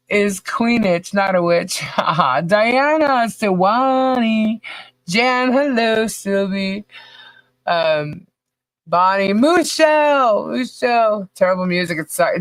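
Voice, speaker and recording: Slow-talking woman podcast host. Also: on the high side, no echo. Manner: laughs often, loose and joking; reads out viewer names one by one. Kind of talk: casual livestream chat greeting viewers.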